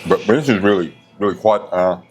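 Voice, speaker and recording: Low-voiced man savoring a restaurant meal. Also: brisk, very noisy. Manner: relaxed, savoring each bite with frequent hums. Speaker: food vlogger. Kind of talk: casual food review. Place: indoor restaurant. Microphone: camera set on the table. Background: faint background music.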